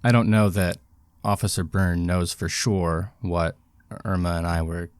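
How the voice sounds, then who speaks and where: A man's voice: low voice, fairly even intonation, unhurried, smooth, no echo. A man voicing a sombre, guilt-ridden young man who confesses hesitantly. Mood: heavy, sombre.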